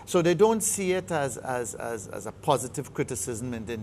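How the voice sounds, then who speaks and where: Trinidadian man, football coach, gravelly voice, emphatic and repetitive in a studio interview. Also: mid-range voice, animated, moderate pace, background noise. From Trinidad and Tobago. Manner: emphatic, repeats words heavily while building a point.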